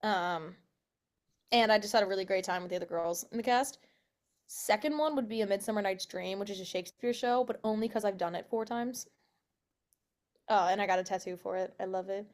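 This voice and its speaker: A woman's voice: mid-range voice, fairly quick. A young adult woman, an actress being interviewed, chatting casually with lots of laughter, a loose "like" habit and the odd swear word. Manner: chatty, laughs often, swears, says "like" a lot. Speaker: actress guest.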